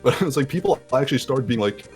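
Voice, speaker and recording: Young man, casual call chat, rambling storyteller, quiet music bed. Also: medium pitch, animated, fast. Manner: rambling, lots of fillers and acted-out quotes. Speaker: let's play host.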